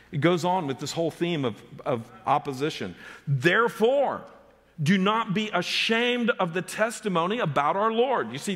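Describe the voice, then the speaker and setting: A male pastor delivers an emphatic sermon in a church sanctuary, his slightly high voice climbing on key lines and sinking low on others. A long reverb trails each phrase through the hall. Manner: emphatic preaching with sharp rises and drops in pitch.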